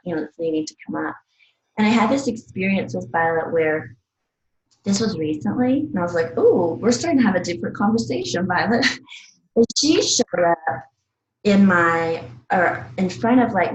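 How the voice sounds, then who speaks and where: Earnest low-voiced woman, echoey room. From American South. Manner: earnest, laughs often, acts out little dialogues. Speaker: herbalist teacher. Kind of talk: reflective casual talk.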